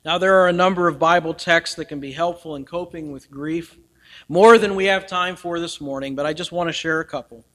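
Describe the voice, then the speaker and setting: A man preaching a sermon earnestly, swinging from loud emphasis down to near-whispers. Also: fairly high pitch, a little fast. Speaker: pastor.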